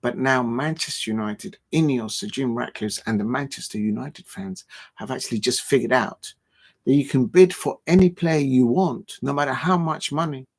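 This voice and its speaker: On a football livestream, the male host keeps up casual chat at medium pitch, stopping and starting, wandering off topic, chuckling a lot, and leaning on fillers.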